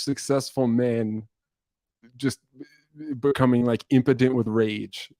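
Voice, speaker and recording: This young man from New Jersey, a musician, fields viewer questions during a casual livestream with slow, steady speech, long pauses, and a dark tone. The mid-pitched voice is close-miked and dry with no room echo. He rambles, swears freely, and is self-deprecating.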